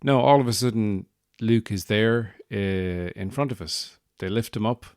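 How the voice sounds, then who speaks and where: A man's voice: fairly low pitch, measured pace, a little mellow, clean tone, no room sound, clean studio sound. An Irish man hosting a podcast, telling a rambling, wry comic story with self-mocking asides. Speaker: podcast host.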